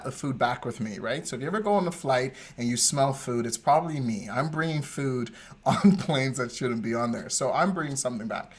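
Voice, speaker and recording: A man co-hosting a podcast, telling a story in a casual, animated way with plenty of laughter and tangents. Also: medium pitch. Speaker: podcast co-host. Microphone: remote podcast mic.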